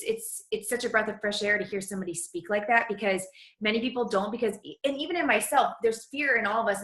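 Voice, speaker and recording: A woman hosting a motivational team coaching call, gushing and energetic in casual chat. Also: medium pitch, echoey room, rough recording.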